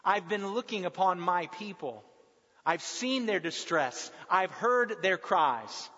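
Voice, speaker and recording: A man preaching voices God as a calm, commanding presence, speaking slowly and with emphasis. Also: sits high, voice pushed down, exaggerated voice. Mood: solemn. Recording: dull recording with long hall reverb.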